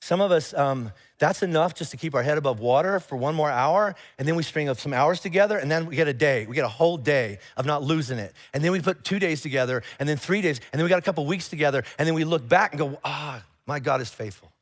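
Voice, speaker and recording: A man preaches from a church stage, his voice sitting a little higher than most men's. He talks like he is chatting with the room, animated and frank, and he often acts out both sides of a conversation. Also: quick pace, few pauses. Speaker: pastor. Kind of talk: sermon. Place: church auditorium.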